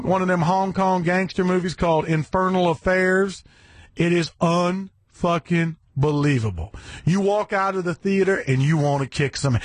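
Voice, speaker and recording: A brash, profane man holds forth on his satellite radio show in a ranting monologue. His husky voice sits high and leaps all over the place, breaking into shouts. The sound is dry and close. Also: dry recording.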